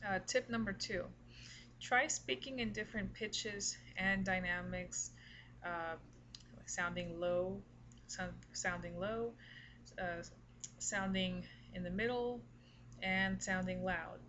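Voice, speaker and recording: A woman giving a casual singing lesson, explaining tips slowly and deliberately, breaking off to demonstrate with her voice. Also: medium pitch, fairly even intonation, fairly bright tone, a little hiss or hum, low-quality recording. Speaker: singing teacher.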